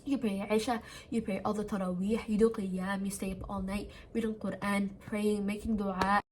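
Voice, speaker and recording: This young woman's voice is medium-pitched and a little mellow, delivered flatly at a moderate pace with slight hiss or hum. Seated indoors at home at night, the vlogger has a chatty, earnest talk with her phone camera, saying "like" a lot.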